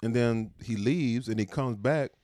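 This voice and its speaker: Guy cohosting a podcast, laughs constantly, talks slow, dry close mic. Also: medium pitch, warm tone, dry recording. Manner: laughs a lot, slow drawn-out remarks. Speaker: podcast co-host. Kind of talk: casual chat.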